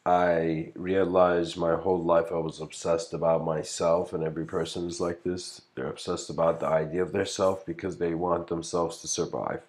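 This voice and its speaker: A man's voice: low-pitched, level tone, normal speed, hardly any pauses, a little mellow. A man giving a casual livestreamed lecture, rambling and reflective, full of "you know" fillers. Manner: reflective, philosophical musing.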